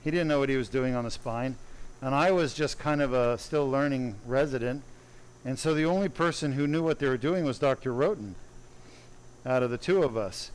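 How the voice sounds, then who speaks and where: A man's voice: mid-range voice, normal speed, clean tone, poor audio. A man, a neurosurgeon, telling a long anecdote on a livestream in a conversational, digressive way. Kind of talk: storytelling on a livestream.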